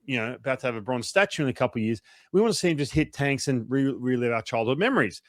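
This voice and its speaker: A man, a former pitcher, telling a long story in a casual interview, animated and acting out quotes. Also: no echo, studio quality. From Australia. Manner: animated, acts out quotes, swears, fast run-on storytelling. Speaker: former baseball pitcher, guest.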